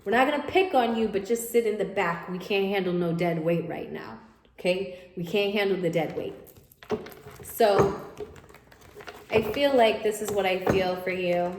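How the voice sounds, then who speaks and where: A woman talks through a tarot reading in a loose, animated way, circling back over her own phrases. Her voice sits at an ordinary middle pitch. The room gives it a clear echo. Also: normal speed. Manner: animated, voices imagined thoughts of the listener, repeats phrases. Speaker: tarot reader. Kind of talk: casual spoken tarot reading. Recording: echoey room, faint noise.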